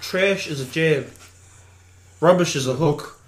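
A man's voice: on the high side, slow, reverberant, very noisy. A man in casual chat with friends, brash and laughing, swearing freely.

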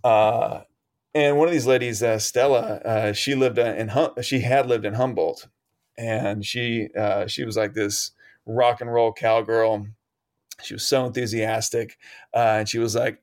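A man's voice: mid-range voice, moderate pace. Laughing, rambling male storyteller. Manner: rambling, animated, laughs often. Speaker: guest. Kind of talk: casual storytelling interview.

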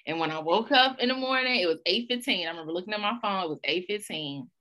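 A woman hosting a podcast, telling a personal story in a casual, animated, slangy way and laughing along. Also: medium pitch, quick pace. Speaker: podcast host.

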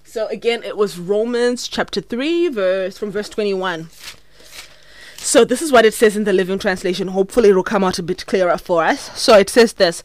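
A relaxed teacher talks through scripture alone, reading passages and explaining them in an easy, conversational way. The delivery rambles and self-corrects over tricky words, with bursts of excitement. The sound is dry and close, with no room echo. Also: mid-range voice, normal speed. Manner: chatty, thinks aloud, often stumbles over words. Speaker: Bible study teacher. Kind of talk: casual solo Bible study recording.

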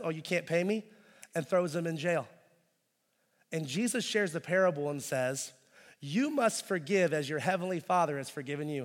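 A male pastor delivers a sermon with a fairly high voice. He drops to a hushed intensity, then rises into loud, impassioned pleading as he acts out voices. A long church-hall reverb trails behind every phrase.

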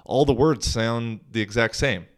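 A man's voice: mid-range voice, unhurried. A young man hosting his own podcast, talking in a laid-back, slangy, profane way. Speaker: podcast host. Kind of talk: casual solo podcast monologue.

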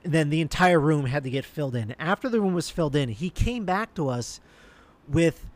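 A man's voice: a little high, animated, a little fast. Rambling man telling a casual anecdote. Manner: rambling, full of restarts and fillers.

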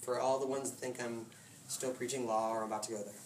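A man's voice: mid-range voice, level tone, fast talker. A man preaching a casual sermon, telling stories with laughs and voiced asides. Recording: roomy hall from a distant mic with noise.

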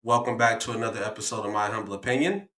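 A man's voice: fairly low pitch, rapid-fire, fairly bright tone, roomy sound, rough recording. A young man hosting a podcast, playful and teasing in casual, slangy chat. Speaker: podcast host.

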